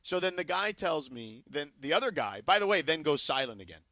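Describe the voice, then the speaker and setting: A man on a radio studio mic tells a story with animated flair, playing out both sides of a conversation. His voice sits fairly high and sounds bright and forceful. The sound is close and dry. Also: brisk, dry recording. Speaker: radio sports talk co-host. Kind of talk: casual radio talk storytelling. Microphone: studio broadcast mic.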